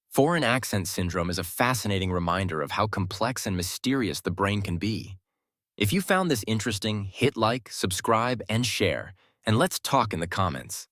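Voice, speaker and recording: A man narrating a script in an even, promotional manner. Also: fairly low pitch, dry recording, clean studio sound.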